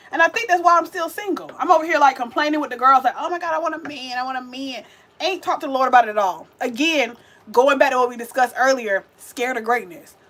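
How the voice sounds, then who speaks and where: A woman's voice: extremely high pitch, bright, forceful tone. A young woman, chatting sassily and directly to her viewers while cooking on a livestream. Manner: chatty, sassy, talks straight to viewers. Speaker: vegan cooking livestream host. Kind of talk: casual livestream cooking chat.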